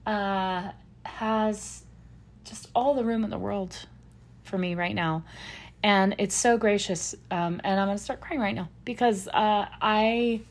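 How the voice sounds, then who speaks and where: A woman's voice: medium pitch, steady tone, slow. Rambling emotional woman chatting. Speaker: podcast co-host. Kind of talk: casual chat.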